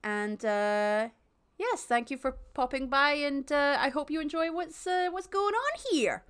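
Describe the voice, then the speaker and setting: A woman's voice: high voice, measured pace, a bit bright. A Scottish woman streaming a game, chatty and giggly, mocking her own stumbles while reading aloud. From Scotland.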